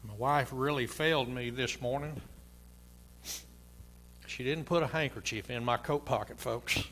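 Man, 60s, pastor, sermon in a church, folksy storytelling, bright forceful voice, faint hum. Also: mid-range voice, unhurried. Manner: folksy, personal storytelling with chuckles. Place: church sanctuary.

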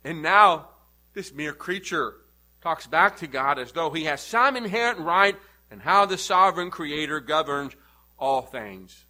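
Male preacher, high-pitched, bright tone, expository sermon, emphatic questions. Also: animated, unhurried, poor audio.

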